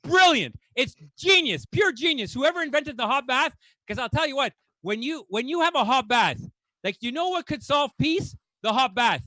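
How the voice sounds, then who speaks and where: A man doing stand-up, with a very high, bright, forceful voice. He rants in exasperation and swears freely. The sound is dry and close. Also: expressive, moderate pace, no echo. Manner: exasperated, ranting delivery; swears casually. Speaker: stand-up comedian. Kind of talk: stand-up comedy set.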